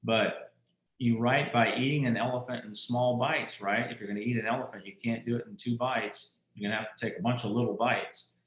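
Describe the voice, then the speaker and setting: A man, an author telling stories from his life in a relaxed interview. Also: mid-range voice, brisk. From Louisiana. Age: 50s. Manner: folksy, anecdotal, quotes mentors. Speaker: author guest. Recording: roomy, muffled lo-fi sound.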